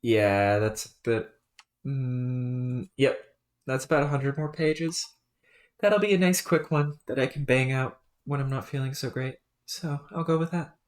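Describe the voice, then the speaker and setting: A woman streaming a webcomic read-aloud, talking in a relaxed, rambling way with many fillers. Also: very deep voice, measured pace.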